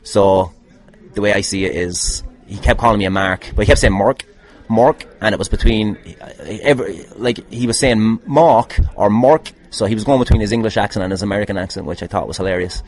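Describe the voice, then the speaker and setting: A man's voice: lowish voice, quick pace. A man, answering listener questions on a podcast in a casual, swearing, self-mocking way with laughing asides. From Ireland.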